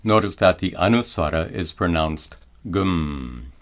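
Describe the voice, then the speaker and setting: Middle-aged male teacher, slow and calm, lively pitch, chants examples. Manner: calm, measured, demonstrates each chanted syllable slowly. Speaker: Sanskrit teacher.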